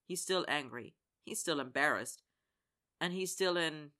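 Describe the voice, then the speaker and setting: Storyteller with a bright, sharp tone who voices the characters' lines. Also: medium pitch, animated, a little slow. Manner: acts out characters' lines in dialogue. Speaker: narrator. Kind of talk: fan fiction audiobook reading.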